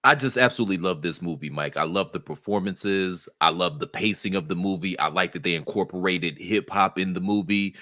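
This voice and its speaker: A man co-hosting a casual podcast chat, wry and given to dramatic pauses. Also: sits low, pushed and bright, no echo, clean studio sound. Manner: dramatic, wry, slows for emphasis. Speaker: co-host.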